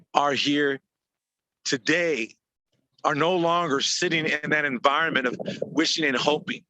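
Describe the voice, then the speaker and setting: Man, business coach, motivational talk, video call, bright edgy tone, dry close sound, emphatic repetition. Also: fairly high pitch, no echo. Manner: emphatic and repetitive, stacking short phrases.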